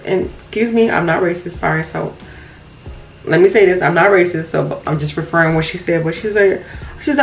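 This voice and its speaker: A woman's voice: on the low side, moderate pace, gravelly, faint music behind, rough recording. Chatty young woman telling a makeup-chair story. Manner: chatty, animated storytelling with laughs and asides. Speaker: makeup vlogger. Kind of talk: casual get-ready-with-me storytime.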